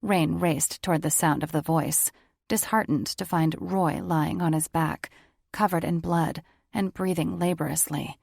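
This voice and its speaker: Gravelly woman narrating an audiobook. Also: low-pitched, fairly even intonation, measured pace, a little mellow, dry recording, clean studio sound.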